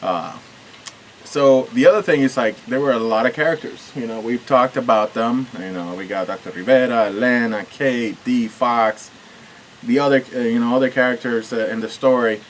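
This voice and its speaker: A man's voice: mid-range voice, moderate pace, a little hiss or hum, poor audio. A man from Puerto Rico, an author, talking casually behind the scenes with many restarts and fillers.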